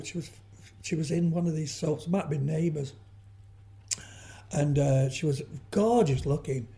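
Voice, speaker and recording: A man's voice: mid-range voice, mellow. An older man, a guest in an interview, telling rambling stories full of restarts and asides. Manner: rambling storyteller, frequent restarts and trailing asides. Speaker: guest, veteran comedian. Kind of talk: anecdotal interview chat.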